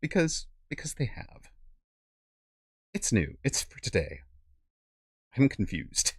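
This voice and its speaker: A man's voice: mid-range voice, big pitch swings, slow pace, husky, no echo. A middle-aged man streaming a strategy game, chatting playfully, thinking aloud about his moves and laughing often. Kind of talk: casual game commentary.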